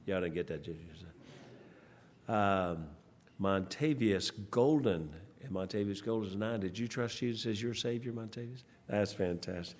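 A man, a pastor leading church service announcements in a rambling, folksy way, pausing often. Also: on the low side, darkish tone. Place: church sanctuary. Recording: long church hall reverb, faint noise.

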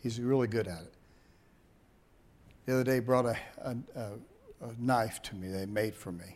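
An older man, a pastor, telling folksy family stories in a sermon, animated and laughing at his own jokes. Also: medium pitch, normal speed. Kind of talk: sermon storytelling.

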